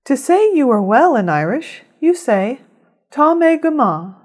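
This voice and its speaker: A woman narrates a scripted language lesson in a higher voice that moves a lot in pitch. She explains each phrase clearly and pronounces it with care. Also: sing-song, a little mellow. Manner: clear, measured instruction with careful pronunciation. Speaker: language teacher.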